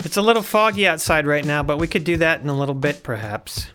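A man's voice: fairly high pitch, lively intonation, fast talker, fairly bright tone, soft background music. A man playing a character in a tabletop game, polite and a little hesitant. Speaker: player. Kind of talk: casual in-character play.

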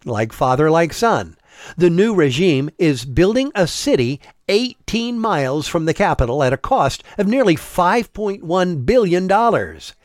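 A man narrating a travel story in a measured, wry scripted style. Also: a little high, very animated, no echo, clean studio sound.

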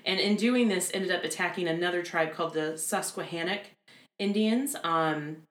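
Woman in her 30s, low-pitched podcast host, chatty storyteller, echoey room. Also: normal speed, fairly bright tone. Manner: chatty, many fillers, laughs easily. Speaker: podcast host telling a haunted history. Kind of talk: casual chat storytelling.

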